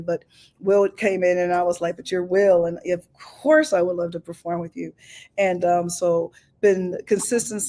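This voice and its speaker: A middle-aged woman from Oakland, California, chatting as a singer guest in an interview, telling stories with many fillers. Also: fairly low pitch. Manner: lively storyteller, many fillers. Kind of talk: casual interview chat.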